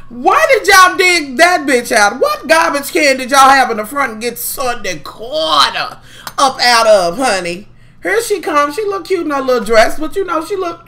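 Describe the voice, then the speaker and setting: Brief: female vlogger, sharp bright tone, foul-mouthed gossip rant with mocking drama. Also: high-pitched. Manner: profane, sassy, heavy swearing. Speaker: vlogger recapping a reality show.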